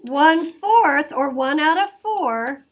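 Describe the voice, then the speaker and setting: High-voiced woman teaching math. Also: animated. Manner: brisk, coaxing questions to the class. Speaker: elementary school teacher. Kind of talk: classroom math lesson.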